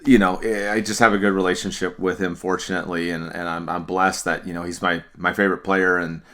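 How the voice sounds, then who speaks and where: Low, bright-toned man on a hockey podcast. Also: flat delivery. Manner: measured, with repeated restarts. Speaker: podcast co-host. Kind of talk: casual sports podcast chat.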